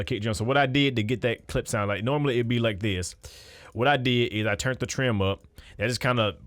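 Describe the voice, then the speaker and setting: A man explains his music production steps in a loose, conversational way. His voice sits at an ordinary pitch. The recording is dry and close, with no room sound. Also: no room sound. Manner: loose and conversational, with fillers and restarts. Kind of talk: casual screen-recorded beat-making tutorial.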